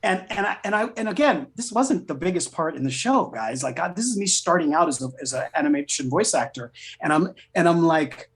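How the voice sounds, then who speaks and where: Middle-aged male voice actor as guest, chatty storyteller, animated and profane. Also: a little high, a little fast, few pauses. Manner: chatty, animated, swears freely. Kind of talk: casual storytelling interview.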